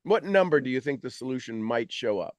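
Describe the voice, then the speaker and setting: A man talking as a mentor, coaching his audience in an animated, teasing way and acting out their complaints in quoted voices. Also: mid-range voice, brisk, no echo. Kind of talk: motivational coaching talk.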